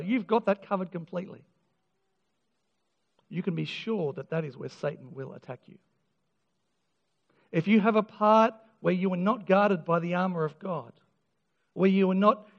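Brief: male pastor, high voice, earnest sermon delivery, heard on a dull, lo-fi recording in a reverberant hall. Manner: earnest, emphatic, with repeated restarts and self-deprecating humour. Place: church. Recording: dull lo-fi sound with long church reverb.

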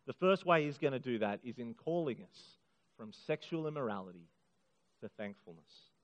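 Earnest man preaching in a reverberant hall. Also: medium pitch. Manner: earnest, emphatic, slows for key phrases. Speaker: pastor. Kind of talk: sermon. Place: church hall. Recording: muffled sound in a hall with long reverb.

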